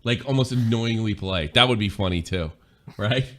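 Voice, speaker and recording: A man co-hosting a casual livestream chat, animated and laughing as he riffs on comic ideas. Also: on the low side, moderate pace. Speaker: podcast co-host.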